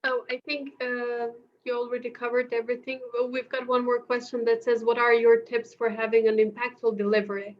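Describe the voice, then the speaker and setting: A woman's voice: a little high, little pitch movement, fairly quick, hardly any pauses, muffled recording. A woman moderating an online workshop over a video call, speaking hesitantly with fillers. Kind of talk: moderating a live online session.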